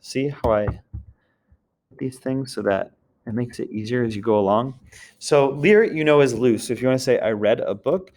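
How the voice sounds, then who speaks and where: A man's voice: medium pitch, normal speed, a little mellow. A man teaching a recorded French grammar lesson, explaining step by step and checking in with his students often.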